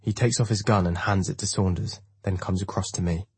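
A man reading a first-person audiobook in a measured, even way. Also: low-pitched, slightly rough, no echo. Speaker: audiobook narrator.

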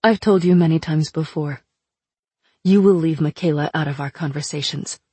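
A woman's voice: sits low, moderate pace, warm tone, slightly rough, dry recording. A woman voicing a stern, controlled young woman who gives clipped, firm commands. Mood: cold.

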